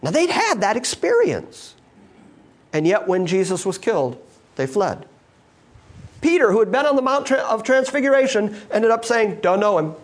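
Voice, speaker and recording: A man's voice: high-pitched, very animated, normal speed. A man preaching a sermon to a live congregation, emphatic and full of rhetorical questions put to the listeners. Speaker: pastor.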